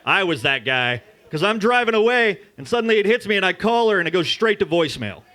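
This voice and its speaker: A man doing a crude, loud stand-up comedy set at an open mic in a bar. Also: high voice, big pitch swings, quick pace. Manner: crude, loud, jokey storytelling. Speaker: stand-up comic.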